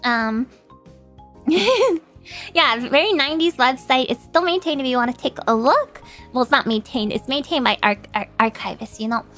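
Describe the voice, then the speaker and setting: A woman's voice: sits high, animated, normal speed, fairly bright tone, faint music behind. A woman streamer chatting casually with her viewers, laughing often and greeting chat, her nose stuffed up.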